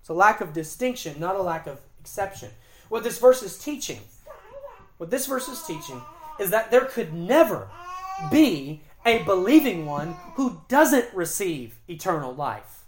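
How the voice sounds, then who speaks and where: A woman's voice: lowish voice, big pitch swings, unhurried, echoey room, slight background noise. A woman giving a Bible lesson, explaining the grammar of a verse with emphatic repetition. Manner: emphatic, explanatory, repeats key phrases. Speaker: Bible teacher. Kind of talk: Bible teaching on scripture and grammar.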